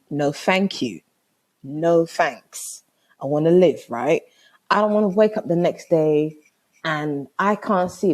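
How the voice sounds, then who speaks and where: A woman with a low, husky voice tells a story in casual podcast talk. She speaks with lively swings in pitch, swears freely, and acts out both sides of the conversation. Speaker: podcast host.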